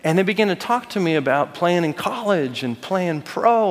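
A man with a high voice preaches a sermon and tells a personal story, acting out the people he quotes with lively shifts. His voice rings through a long reverberant hall. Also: normal speed, few pauses. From United States. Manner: animated storytelling with acted-out quotes. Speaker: pastor.

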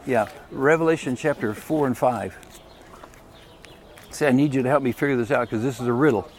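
A man's voice: mid-range voice, a little fast, a little hiss or hum. A man preaching a sermon in a folksy, emphatic way, often putting questions to the congregation.

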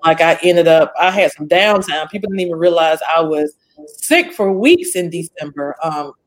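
A woman's voice: low-pitched, animated, moderate pace. Earnest woman hosting an interview. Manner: earnest, encouraging questioning. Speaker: host and founder of the show. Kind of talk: interview host.

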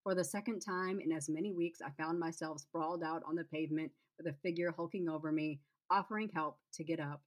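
A woman's voice: low-pitched, fairly quick, few pauses. A woman author reading first-person narration from her novel, then chatting casually to listeners. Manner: relaxed, chatty aside. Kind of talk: reading her own fiction aloud.

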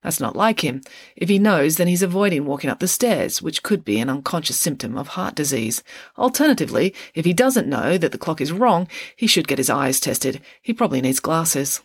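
A woman voicing a glum, blunt, brilliant teenage schoolgirl in a storybook reading, curt and deadpan. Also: low-pitched, a little fast, husky, no room sound, exaggerated voice. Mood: analytical.

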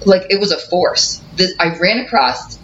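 A woman co-hosting a podcast, candidly retelling a painful personal story in an emotional, animated way. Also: lowish voice, normal speed. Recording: slightly dull audio with faint noise.

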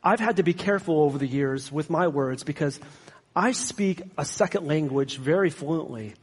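Husky high-voiced pastor preaching in a hall. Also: male voice, moderate pace. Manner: self-deprecating, conversational with sarcastic asides. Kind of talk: sermon. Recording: long hall reverb.

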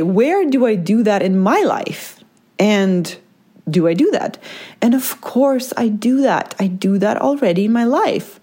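A woman, a mother, telling a personal story in a casual, reflective monologue. She often checks in with "right?" and "like", and speeds up and slows down within a sentence. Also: medium pitch, darkish tone.

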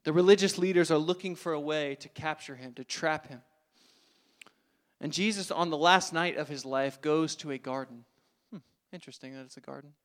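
Storytelling male preacher, slightly high voice. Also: moderate pace. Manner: storytelling, dramatic swings from loud to hushed. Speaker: pastor. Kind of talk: sermon.

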